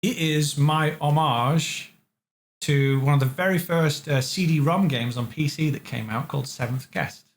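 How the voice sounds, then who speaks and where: A man from England who designs games, telling lively studio stories as an interview guest and acting out the voices of the people he quotes. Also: fairly high pitch, unhurried. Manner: animated storyteller, acts out quotes. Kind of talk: casual interview chat. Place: living room.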